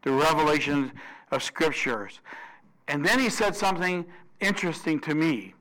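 A man preaching a sermon in an earnest way, often repeating words and restarting his phrases, and slowing down and dropping low to stress key points. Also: fairly bright tone, low-quality recording. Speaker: pastor. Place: at home.

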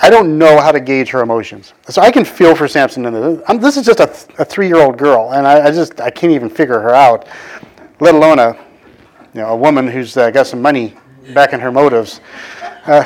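A man in his thirties preaching in a casual, conversational way, often adding "right?" and acting out the people he quotes. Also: fairly high pitch. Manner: conversational, animated, frequent "right?" asides; acts out quoted voices. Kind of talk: casual sermon.

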